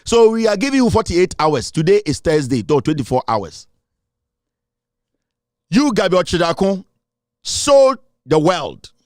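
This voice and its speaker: A man's voice: a little high, dry recording, clean studio sound. A man from Ghana with a Ghanaian English accent, delivering a mocking, taunting political rant as a commentator and laughing often. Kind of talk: ranting online commentary.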